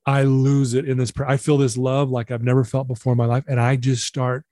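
A middle-aged man recounting a personal story as an interview guest, earnest and animated, acting out the dialogue. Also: mid-range voice, fairly quick, no echo.

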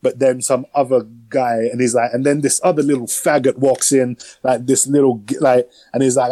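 A man's voice: mid-range voice, little pitch movement, moderate pace, few pauses, dark tone, dry recording, low-quality recording. A man hosting a podcast, rambling about a film in slangy casual chat with lots of fillers. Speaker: podcast host.

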